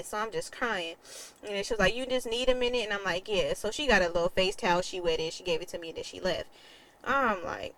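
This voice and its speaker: A woman's voice: mid-range voice, a little fast, a bit bright, poor audio. A young adult woman telling a personal story in a candid, emotional way, with casual swearing. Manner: quotes others in a changed voice. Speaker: vlogger.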